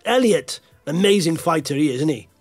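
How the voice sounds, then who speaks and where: A Welsh man co-hosting a podcast, telling stories in a rambling, animated way with lots of ums. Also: fairly high pitch, fairly quick, no echo, faint music behind. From Wales. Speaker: podcast co-host. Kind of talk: casual chat.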